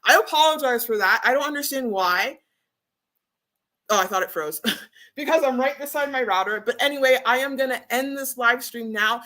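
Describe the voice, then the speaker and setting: A woman's voice: high voice, normal speed, pushed and bright. A woman hosting a casual live stream from home, emotional and upbeat, talking straight to her viewers. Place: home, beside her router.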